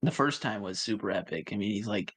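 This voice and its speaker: A young man co-hosting a casual podcast, making relaxed, brief remarks on a TV episode. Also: lowish voice, a little fast, breathy edge. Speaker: podcast co-host. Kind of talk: casual TV recap chat.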